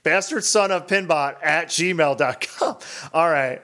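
A man's voice: a little high, measured pace, bright, forceful tone. A man co-hosting a casual podcast, chatting and reading listener mail with dry humor. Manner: reads listener mail aloud, dry joking. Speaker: podcast co-host. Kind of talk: casual chat.

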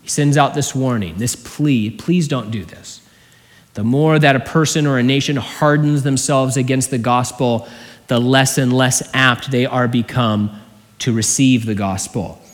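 A man preaching an expository sermon as a pastor, earnest and full of rhetorical questions, his voice often dropping low at the ends of phrases. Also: measured pace. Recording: long hall reverb.

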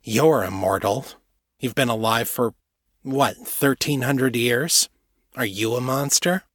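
A man's voice: mid-range voice, slow, a bit bright, no echo, studio quality. A man voicing a tough young woman warrior who talks bluntly and sardonically. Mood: wry.

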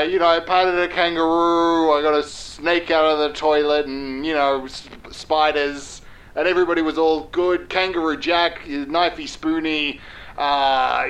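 An Australian man playing a grandiose, meandering mock political candidate in a mock-solemn campaign pitch. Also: fairly bright tone, poor audio. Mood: boastful.

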